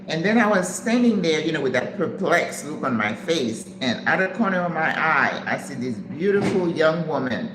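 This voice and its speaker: Animated older woman telling a story. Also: normal speed, few pauses. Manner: animated, acts out voices with big pitch jumps. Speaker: channel host. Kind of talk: live-stream storytelling. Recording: echoey room with background noise.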